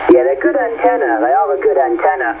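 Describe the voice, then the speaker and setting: A man's voice: a little high, very animated, fast talker. Englishman over crackly shortwave radio. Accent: East Anglian English. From England. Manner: chatty, adds "there" to every phrase. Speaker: ham radio operator. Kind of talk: radio contact chat. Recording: tinny radio with static hiss.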